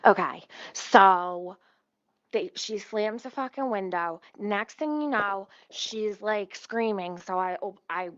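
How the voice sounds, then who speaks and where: A woman telling a story in a fast, indignant, profane casual rant full of fillers. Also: mid-range voice, animated, no echo. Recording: dull, dry lo-fi sound.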